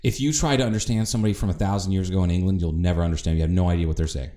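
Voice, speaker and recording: A man's voice: low voice, steady tone, rapid-fire, warm tone. A man from the northern United States co-hosting a podcast in casual chat, rambling through tangents and swearing freely. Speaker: podcast co-host. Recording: roomy echo.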